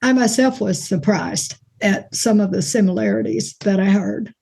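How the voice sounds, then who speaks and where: A woman from Alabama with a mild Alabama accent, chatting as an actress guest in an interview, folksy and quick to laugh. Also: mid-range voice, vocal fry, darkish tone. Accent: mild Alabama Southern. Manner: folksy, chatty storyteller who laughs easily. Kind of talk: casual interview chat.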